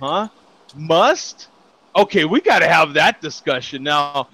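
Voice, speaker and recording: A man's voice: a little high, animated, slow, bright, forceful tone, poor audio. A man hosting a casual beer chat show, laughing often and joking as he reads out tasting notes. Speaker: podcast host.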